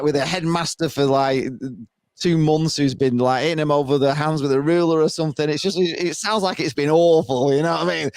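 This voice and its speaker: A man appearing as a podcast guest, talking football in a rambling, animated way and laughing often. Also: fairly high pitch, no echo, clean studio sound. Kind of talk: casual football chat.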